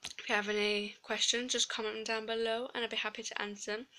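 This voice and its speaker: A woman's voice: fairly high pitch, flat delivery, fast, pushed and bright, a little hiss or hum. A young woman vlogging casually, speaking with a slight lisp through a swollen tongue. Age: young adult. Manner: chatty, filler-heavy, rambling. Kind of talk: casual vlog.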